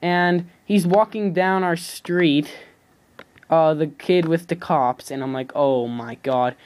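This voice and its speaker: A man's voice: sits high, steady tone. A teenage boy casually telling a story on his vlog, rambling, stopping and correcting himself as he goes. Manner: rambling, halting, self-correcting. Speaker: YouTube vlogger.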